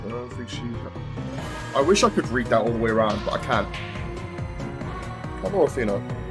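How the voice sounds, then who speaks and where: A man's voice: mid-range voice, expressive, normal speed, music in the background. A man giving casual, joking commentary while playing a video game, swearing freely. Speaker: let's play gamer.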